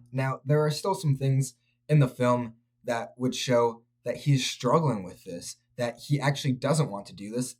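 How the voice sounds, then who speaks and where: A man's voice: mid-range voice, darkish tone, breathy edge. A man reviewing a film for his channel, talking straight to his viewers in an earnest, preaching way. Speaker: faith-based film reviewer.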